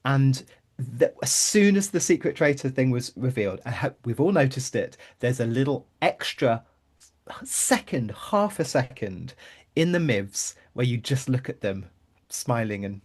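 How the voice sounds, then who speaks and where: A man's voice: mid-range voice, lively intonation, unhurried, breathy edge. A man guest co-hosting a podcast, talking in an enthusiastic, rambling, chatty way. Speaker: guest co-host. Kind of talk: casual podcast chat.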